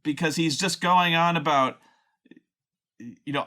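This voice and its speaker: A man's voice: a little high, a little slow, pauses often, pushed and bright. A man ranting sarcastically about a wrestling show, exasperated and swearing often. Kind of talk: profane ranting commentary.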